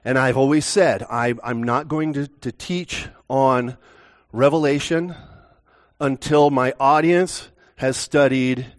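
A male pastor speaking unhurriedly in a church, with a relaxed, joking, conversational manner. He banters with the congregation at a measured, slow pace. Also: mid-range voice.

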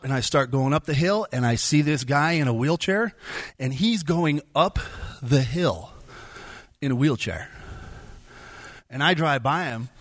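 A man's voice: medium pitch, dry recording. A middle-aged man shares a testimony in a loose, conversational way, often restarting his sentences. He acts out his own side of an inner dialogue. The sound is dry and close, with no room around it. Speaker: speaker sharing a testimony. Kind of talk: personal faith story told to a group.

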